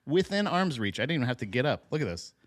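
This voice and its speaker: A man chats easily on a casual podcast, often laughing. He reacts to chat comments in a relaxed, friendly way. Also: medium pitch, fast talker. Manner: laid-back, laughs often, reads chat comments aloud. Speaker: podcast co-host.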